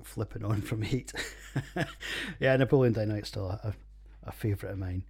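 A man's voice: on the low side, brisk, darkish tone, slightly rough. A man with a Scottish accent hosting a casual solo podcast, rambling and jokey with plenty of swearing. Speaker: podcast host reviewing beers.

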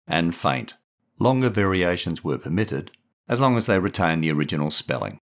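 A man reads his own short story in a measured, clear way. His voice sits very low. His intonation still swings in a lively way. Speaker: author and narrator.

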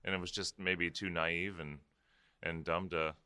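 A young man speaks in a remarkably low voice with a polished, resonant clarity and a bright, forward ring. He talks in a relaxed, casual way, pausing often and filling the gaps with ums and you-knows. It sounds like an easygoing conversation between friends. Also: clean tone. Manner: relaxed, hesitant with many fillers. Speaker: interview guest, opera singer.

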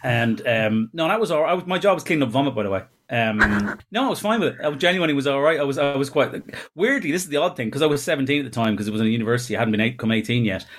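A man's voice: mid-range voice, animated, rapid-fire, fairly bright tone. A man, a comedian guest telling rambling, self-interrupting comic anecdotes in casual chat.

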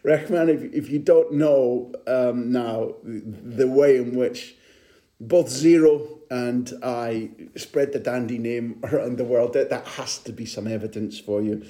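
A man's voice: medium pitch, fairly even intonation, a little slow, mellow. A man, a football correspondent, telling a rambling anecdote in casual podcast chat and laughing often.

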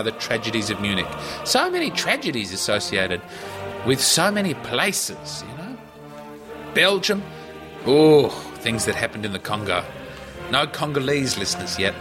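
A man hosting a podcast alone, rambling playfully and swooping his pitch for jokes, with music behind him. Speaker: podcast host. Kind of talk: rambling comedic monologue.

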